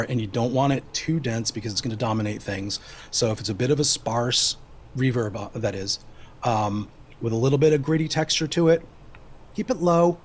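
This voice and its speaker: A man explaining things casually, rambling with many restarts. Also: mid-range voice.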